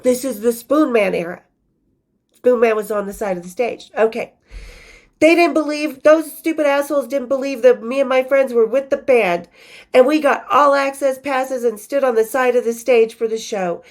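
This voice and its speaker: A woman's voice: high voice, moderate pace. A woman hosting her own show, reading from her old journals in a candid, profane, casual storytelling manner with laughing asides. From western United States.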